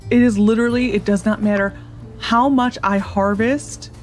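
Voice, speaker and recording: A woman's voice: medium pitch, fairly even intonation, normal speed, soft background music. A woman hosting a casual let's-play video, chatting in a rambling way and laughing often. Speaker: gaming video host.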